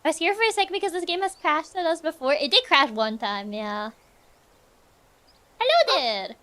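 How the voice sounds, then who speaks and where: A woman's voice: high voice, sing-song, normal speed, fairly bright tone. A woman streamer giving casual let's-play commentary, chatty and thinking aloud.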